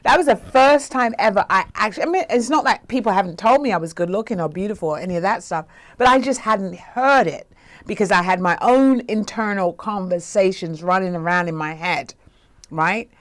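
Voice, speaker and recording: A woman's voice: mid-range voice, a little fast. A woman life coach telling a personal story in a conversational way, often checking in with "right?". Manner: conversational, often asks "right?", acts out quoted voices.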